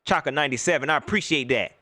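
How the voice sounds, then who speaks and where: A man's voice: a little high, rapid-fire, pushed and bright, dry recording, studio quality. A middle-aged man hosting a livestream, ranting animatedly about sports and greeting viewers in the chat by name. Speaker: host. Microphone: laptop mic.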